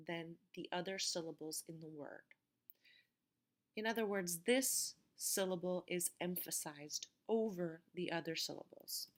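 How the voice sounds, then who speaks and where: Woman teaching careful word pronunciation. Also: fairly low pitch. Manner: slow, careful pronunciation drills. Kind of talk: recorded vocabulary lecture.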